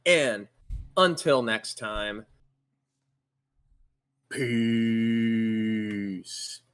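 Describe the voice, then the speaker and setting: Brief: male co-host, middle pitch, animated swinging intonation, upbeat outro. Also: normal speed. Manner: upbeat, lively sign-off. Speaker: podcast co-host. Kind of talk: casual chat, episode outro.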